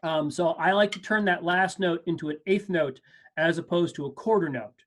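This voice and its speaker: A man teaching percussion over a video call, speaking casually and encouragingly. He counts beats aloud and corrects himself as he goes, in a relaxed class tone. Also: a little high, moderate pace, background noise. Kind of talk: online music lesson. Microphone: video call mic.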